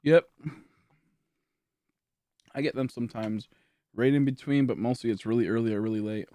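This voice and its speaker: Indoors at home, a young man livestreams and chats with viewers, tired and rambling, using many fillers as he thinks aloud. His low voice is expressive, at a normal speed with frequent pauses. The studio-quality audio has no echo.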